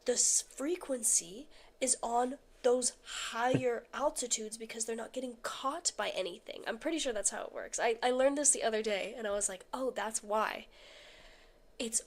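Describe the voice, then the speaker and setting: A woman talking casually and thoughtfully, sometimes slipping into a whisper. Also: a little high. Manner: musing, slow, dropping to a whisper at times. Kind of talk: casual talk in a video.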